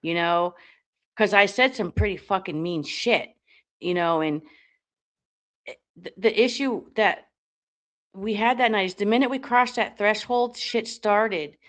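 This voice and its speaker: A woman's voice: medium pitch, unhurried, long pauses, fairly bright tone. A woman who is a paranormal investigator, talking bluntly in a casual chat, swearing and restarting her sentences.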